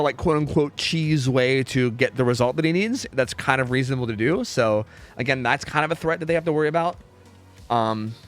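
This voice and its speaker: A man's voice: mid-range voice, a bit bright. Chatty young male stream caster. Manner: chatty, many fillers, reads chat aloud. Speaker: streamer casting game scrims. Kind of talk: casual live commentary. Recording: faint music behind.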